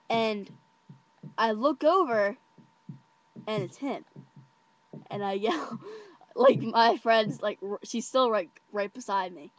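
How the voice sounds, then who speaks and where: A woman's voice: a little high, slow pace, pauses often, a bit bright. A teenage girl telling a story to camera in a casual, chatty way, full of fillers and giggles. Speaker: vlogger.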